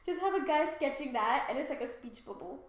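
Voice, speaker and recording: A woman's voice: high-pitched, lively intonation, fairly quick, very echoey. A woman co-hosting a podcast in casual chat, loose and profane, laughing often. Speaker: podcast co-host.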